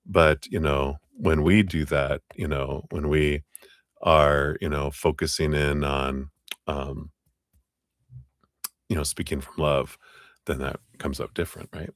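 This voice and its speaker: A very low-pitched man reads tarot live for his viewers, chatting loosely and laughing along the way. His voice is recorded dry and close, with no room sound around it. He rambles, filling pauses with "you know". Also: fairly even intonation, no room sound. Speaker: tarot reader hosting a live stream. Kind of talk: casual livestream chat and card reading.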